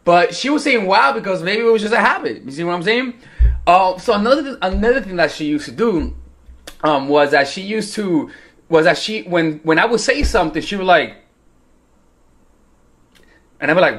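A man's voice: high voice, expressive, a little fast, fairly bright tone. A young man, a dating coach, telling a casual story to women viewers and acting out quotes with swearing. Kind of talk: casual vlog advice.

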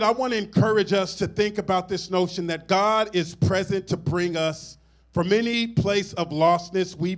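A fairly high-pitched middle-aged man delivers a sermon as pastor. He builds phrases to a swell and breaks off into casual asides to the congregation. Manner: preaching with rising, swelling emphasis and call-and-response asides.

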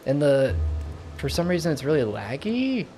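A man streaming a video game live, chatting casually and reacting excitedly with gasps and laughs. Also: a little high, moderate pace. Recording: game music under the voice. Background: game music clearly audible.

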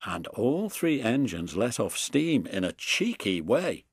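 A man narrating a children's story in a slow, animated reading. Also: mid-range voice, husky, dry recording. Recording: dry close recording with soft music.

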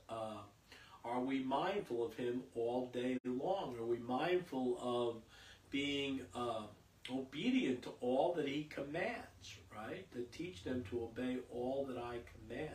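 A priest reading scripture at Mass and then preaching a homily in a slow, halting way, with many fillers and repeated words. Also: male voice, mid-range voice, a little mellow. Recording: echoey church, voice from a distance.

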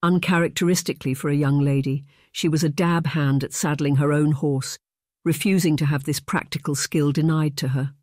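An audiobook narrator reading a romance novel in a steady, measured storytelling manner. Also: mid-range voice, no room sound, clean studio sound. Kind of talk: scripted narration.

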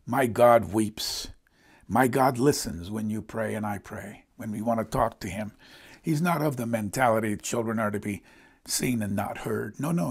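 A man's voice: on the low side, breathy edge. A middle-aged man preaching a sermon as a pastor, speaking in an earnest, emphatic way.

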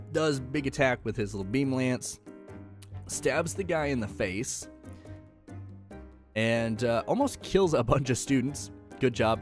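A man giving a casual episode recap, joking, slangy and full of sarcastic asides. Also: medium pitch. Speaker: anime recap host.

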